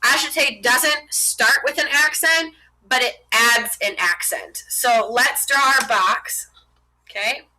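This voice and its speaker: Bright-voiced woman teaching at a board. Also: fairly high pitch, takes it slowly, rough recording. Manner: talks while writing on a board, chatty and informal. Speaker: French teacher. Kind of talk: casual classroom explanation.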